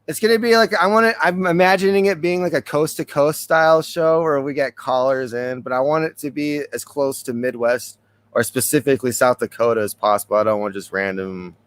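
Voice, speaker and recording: A man hosts a relaxed podcast chat. His voice is smooth and resonant, sitting mid-range for a man. He rambles loosely and laughs along as he goes. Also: mid-range voice, fairly quick, dry recording. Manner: loose, rambling, chuckles often. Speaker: podcast host.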